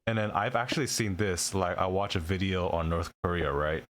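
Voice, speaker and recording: A man's voice: sits low, a little fast, a bit bright, slight background noise. Exasperated man telling a story. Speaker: co-host. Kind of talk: casual chat.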